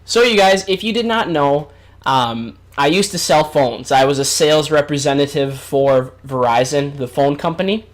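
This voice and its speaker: A man's voice: a little high, moderate pace. Chatty young man telling a story. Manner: animated, chatty storyteller addressing viewers. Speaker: vlogger. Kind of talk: casual storytime vlog.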